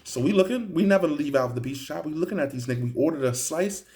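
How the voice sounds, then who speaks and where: Animated New man telling a story. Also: on the high side, quick pace, slight background noise. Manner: animated, profane, street slang, frequent "right?" asides. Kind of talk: casual storytelling to camera. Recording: roomy echo.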